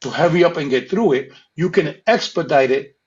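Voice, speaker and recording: A man's voice: fairly high pitch, normal speed, highs cut off. A man in casual podcast chat giving earnest advice, repeating his phrases for emphasis.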